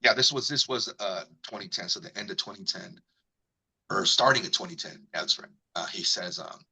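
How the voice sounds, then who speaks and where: Husky, tense-voiced man telling a story. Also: moderate pace, rough recording. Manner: animated, acts out quoted people with jumps in pitch. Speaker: radio personality and guest. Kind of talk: casual storytelling interview.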